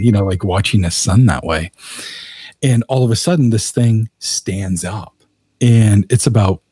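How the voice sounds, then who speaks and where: A man's voice: on the low side, a little slow, dark tone, slightly rough, no room sound. A man who is a guest author, telling a story in a casual, vivid way and using fillers like "you know".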